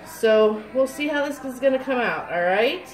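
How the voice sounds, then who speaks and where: A woman's voice: fairly high pitch, expressive, normal speed, echoey room. A middle-aged woman, chatting in a bubbly, upbeat way while she shows how she makes soap. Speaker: soap maker. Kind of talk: casual how-to vlog.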